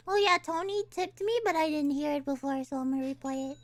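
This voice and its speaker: A woman's voice: high voice, fast, no room sound. A woman streamer in casual live-stream chat, rambling and giggling, often restarting her sentences.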